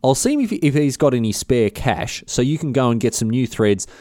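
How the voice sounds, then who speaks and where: A man voicing a pushy, matey male palace guard, loud and slangy. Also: medium pitch, big pitch swings, moderate pace, no room sound, studio quality, lightly acted. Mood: friendly.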